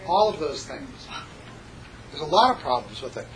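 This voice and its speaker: A man teaching a hypnosis class, jumping between a lively, joking lecture voice and soft, slow hypnotic demonstrations. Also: on the high side, slight background noise, low-quality recording. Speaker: hypnosis instructor. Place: classroom with students.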